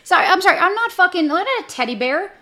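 A young woman hosting a podcast, talking bluntly and profanely in casual chat and telling stories with lively energy. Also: extremely high pitch, quick pace. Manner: blunt, profane, animated storytelling. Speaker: podcast host.

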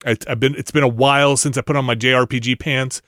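A man's voice: mid-range voice, flat delivery, quick pace, sharp tone, dry recording, clean studio sound. Rambling middle-aged man on a podcast. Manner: rambling, many restarts and fillers. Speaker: podcast co-host. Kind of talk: casual chat about video games.

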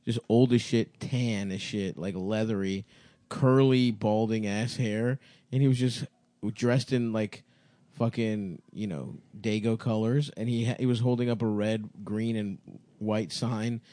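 A man's voice: fairly low pitch, steady tone, warm tone, dry recording. Crude teasing man on a podcast. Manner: crude, teasing banter, quick laughs. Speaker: podcast co-host. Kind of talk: casual comedic chat.

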